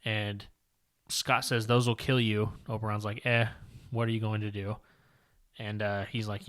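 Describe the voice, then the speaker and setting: Flat-voiced man recapping a comic. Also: fairly low pitch, measured pace. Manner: long-winded, rambling with fillers. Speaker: podcast co-host. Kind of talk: casual comic book discussion, reading panels aloud.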